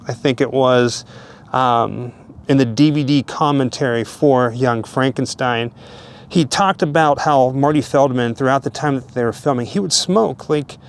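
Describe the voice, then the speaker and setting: A man tells stories about the graves he visits in a relaxed, chatty voice, tossing in easy asides as he goes. He is recorded outdoors in a cemetery, with a light hiss in the background. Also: medium pitch. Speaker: vlogger, host. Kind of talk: casual narration at graves.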